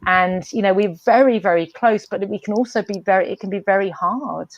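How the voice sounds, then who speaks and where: A woman's voice: mid-range voice, brisk, no echo, muffled recording. A woman guest speaking casually and reflectively, with frequent "you know" fillers and restarts, on a video call. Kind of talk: casual conversation.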